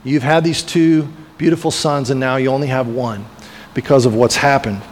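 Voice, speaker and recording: A man's voice: mid-range voice, steady tone, normal speed, a little hiss or hum. A man preaching a sermon as pastor, retelling a biblical story in a storytelling way and briefly acting out the voices of the people in it. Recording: long reverb of a large hall.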